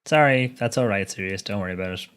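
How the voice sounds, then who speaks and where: A man with a Dublin Irish accent streams a game, chatting easily with viewers, answering their chat messages and laughing often over background music. His voice sits on the low side, fast, a bit bright, with a clear, resonant tone.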